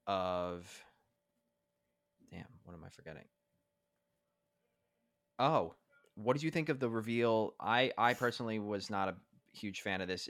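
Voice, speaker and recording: Man, very deep voice, rambling casual movie chat, dry close sound. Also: fairly bright tone, no echo. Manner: rambling, loose, with lots of fillers.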